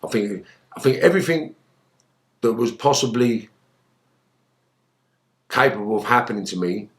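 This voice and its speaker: A man's voice: medium pitch, normal speed. Swearing middle-aged man telling stories. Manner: animated, swears heavily, acts out quotes in a raised voice. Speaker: interview guest. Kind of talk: storytelling in an interview.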